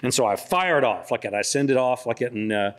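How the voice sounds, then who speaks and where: A man's voice: mid-range voice, expressive, fairly quick. A middle-aged man telling a humorous story at a book festival, folksy and rambling, full of "you know" and "like". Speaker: author speaking at a book festival. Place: church hall.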